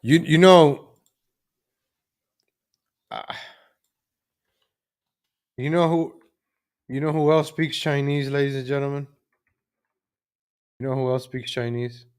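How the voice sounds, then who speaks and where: A man's voice: mid-range voice, fairly even intonation, slow, long pauses. A man hosting a live political commentary show, mocking what he watches in a sarcastic running commentary. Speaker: host.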